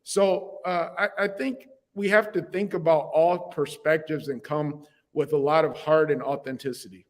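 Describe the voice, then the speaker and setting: A man's voice: fairly high pitch, fairly even intonation, normal speed, few pauses, in a large hall. A man guesting on a podcast interview, talking in an earnest, reflective way. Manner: earnest and reflective, speaks from the heart.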